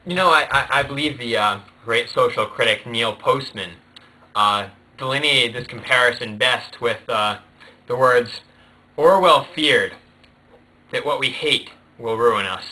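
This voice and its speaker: A man's voice: mid-range voice, a little slow, sharp tone. A young man playing a guest expert, earnest and full of uh and um hesitations. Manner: earnest, lots of uh and um. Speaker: guest analyst. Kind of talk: mock expert commentary. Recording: distant mic.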